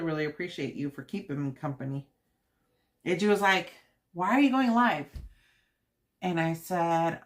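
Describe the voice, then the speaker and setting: A woman hosting a casual home livestream, chatting to her viewers and laughing often while she makes treats in the kitchen. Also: on the low side. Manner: chatty and giggly, full of fillers and quoted asides. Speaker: livestream host.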